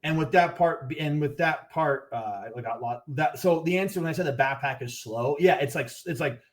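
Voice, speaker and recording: A man's voice: fairly high pitch, moderate pace. A man talking casually as a podcast guest, rambling and restarting as he explains his products and pricing. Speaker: gear brand owner, podcast guest.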